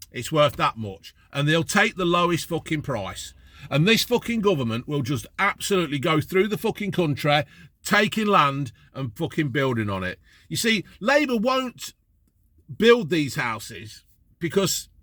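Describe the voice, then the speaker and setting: A man's voice: on the high side, pushed and bright, no echo. A man vlogging from a parked car, ranting bluntly and swearing heavily about the topic. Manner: blunt, heavy swearing, exasperated. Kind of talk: ranting to camera.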